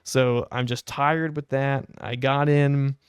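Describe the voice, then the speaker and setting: A young man tells a story in a casual, animated, exasperated way as a podcast co-host. His voice is mid-pitched, smooth and clear. It is recorded close on a mic with a dry sound. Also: slow pace, no echo.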